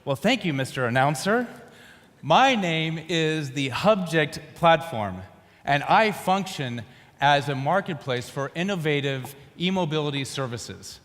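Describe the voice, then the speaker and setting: A man voicing a talking software platform that introduces itself in a formal, salesy tone. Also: animated, unhurried. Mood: promotional. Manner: formal, announcer-like sales pitch. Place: conference stage in a large hall. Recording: long reverb of a large hall.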